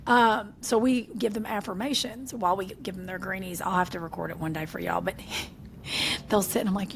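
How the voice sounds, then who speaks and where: A woman chats as a podcast co-host, telling stories in an animated way and acting out what others said. Her voice sits in a middle register. A faint rumble runs under the recording. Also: moderate pace, gravelly. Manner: animated storyteller, acts out quotes, laughs often. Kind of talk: casual chat.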